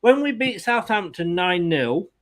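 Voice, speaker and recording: Male football fan host, high pitch, exasperated, casual post-match chat. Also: very animated, unhurried, a bit bright. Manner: exasperated, swears, reads comments aloud. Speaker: fan channel host reading viewer comments.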